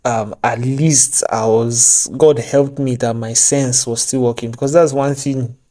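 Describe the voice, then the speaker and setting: Speaking at a measured pace, this vlogger offers laid-back advice straight to his audience. His mid-pitched voice is warm and mellow, and he regularly breaks off for jokes and self-deprecating laughter.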